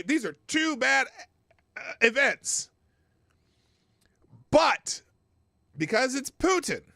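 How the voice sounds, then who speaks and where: A man's voice: very high voice, creaky, bright, forceful tone, dry recording, studio quality. A man hosting a political commentary livestream, blunt and profane, rambling with restarts and short laughs. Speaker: host.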